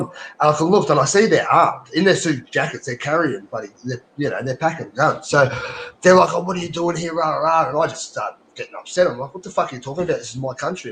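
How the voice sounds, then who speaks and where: A fast-talking Australian man rattles through an anecdote, slangy and loose with his words. His mid-range voice sits in an echoey room over a faint background hiss. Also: mid-range voice, a bit bright. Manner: quick, slangy, peppered with "buddy". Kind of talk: casual chat. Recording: roomy with faint background noise.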